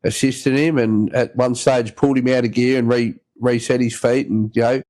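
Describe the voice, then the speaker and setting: A man's voice: mid-range voice, fairly even intonation, normal speed, darkish tone. A man with an Australian accent hosting a podcast, telling a rambling story in a casual, chatty way and acting out the voices of the people in it. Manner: rambling yarn-spinner, acts out quoted voices. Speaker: podcast host.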